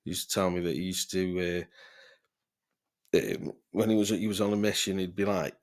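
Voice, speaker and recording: Man, very low voice, casual sweary storytelling, laughs a lot. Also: fairly even intonation, moderate pace. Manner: rambling, sweary, laughs often. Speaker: podcast host.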